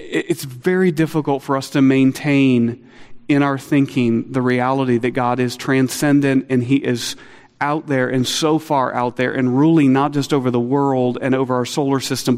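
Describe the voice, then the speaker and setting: A middle-aged man preaching a sermon, earnest and animated, acting out quotes with a lifted voice. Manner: earnest, animated, acts out quotes with rising pitch. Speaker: pastor. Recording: long hall reverb.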